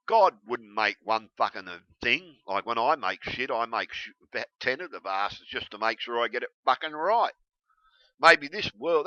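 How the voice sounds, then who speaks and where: A man ranting heatedly to camera, swearing constantly and breaking into yelled bursts. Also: a little high, no echo. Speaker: video blogger. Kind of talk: angry profane rant to camera. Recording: dull lo-fi recording.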